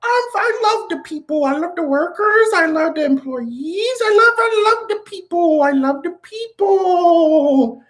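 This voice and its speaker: A fawning, syrupy male politician pleads in a high, stretched-out sing-song, as a man puts him on for a parody. The pitch swoops widely from phrase to phrase. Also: lively intonation, measured pace, a bit bright, reverberant, exaggerated voice. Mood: mock-pleading.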